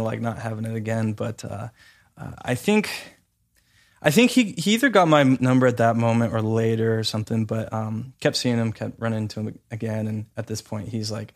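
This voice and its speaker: A man giving a personal testimony, talking hesitantly with many fillers and restarts but growing lively when he quotes people. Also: medium pitch.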